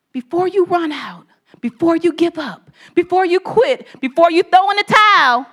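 A woman's voice: high voice, fairly bright tone. A woman preaching a sermon in a conversational, storytelling manner, building points through repeated phrases.

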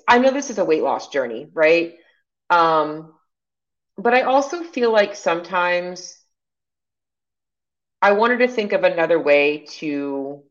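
A woman's voice: fairly low pitch, muffled recording. A woman co-hosting a casual podcast, coaching her partner in a chatty, encouraging way with many fillers. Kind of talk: casual chat.

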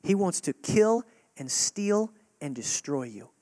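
A man preaching a sermon to his congregation, earnest and direct, swinging between loud urging and hushed, near-whispered lines. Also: high voice, big pitch swings, slow pace, dry recording, clean studio sound. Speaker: pastor.

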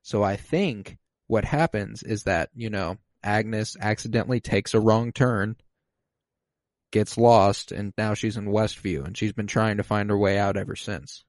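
A man on a casual podcast, recapping an episode and acting out quoted lines with sudden jumps in pitch. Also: measured pace, dry recording. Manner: recaps plot, acts out quoted lines in a raised voice.

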